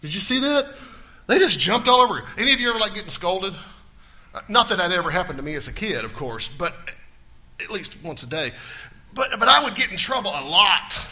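A male pastor preaching a sermon in a church, swinging from loud to hushed. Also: high voice.

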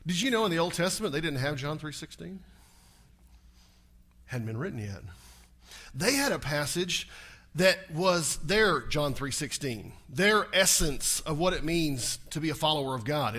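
A man preaching a sermon to his congregation, swinging between loud, emphatic passages and quiet asides, and leading them in reciting scripture. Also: mid-range voice. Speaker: pastor. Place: church service.

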